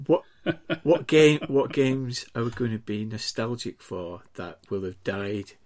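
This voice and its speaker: A man on a podcast, asking the group a question in a halting way. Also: medium pitch, lively intonation, a little mellow. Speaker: podcast co-host. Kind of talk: casual podcast discussion.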